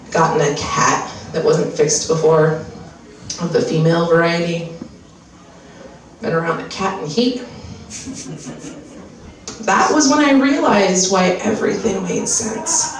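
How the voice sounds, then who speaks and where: A woman performs a stand-up set with crude, animated storytelling. She jumps into voices for the people and pets in her stories. The sound is very echoey, and she is picked up from some distance. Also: fairly low pitch. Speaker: stand-up comedian. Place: live comedy club. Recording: echoey room, mic heard from afar.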